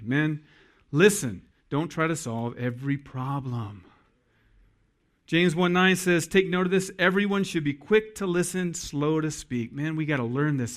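A man preaching a sermon to husbands in a folksy, joking way that addresses the men directly. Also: fairly high pitch. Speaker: pastor.

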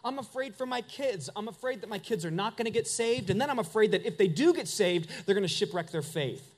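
A man's voice: sits high, animated, brisk. A middle-aged man preaching a sermon as pastor, earnest and confessional, building to emphatic peaks.

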